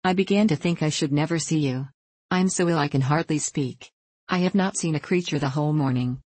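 A woman's voice: low-pitched, fairly quick, darkish tone, husky, dry recording. A woman voicing a peevish, self-pitying young married woman who complains plaintively in a storybook reading. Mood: complaining.

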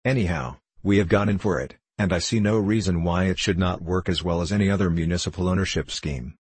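A man reading a storybook aloud in an even, unhurried narration. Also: sits low, husky. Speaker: audiobook reader.

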